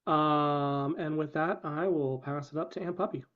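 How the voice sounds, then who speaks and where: A man reminiscing fondly in casual chat with the group, halting and thoughtful. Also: on the high side, steady tone. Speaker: player. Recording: muffled lo-fi audio.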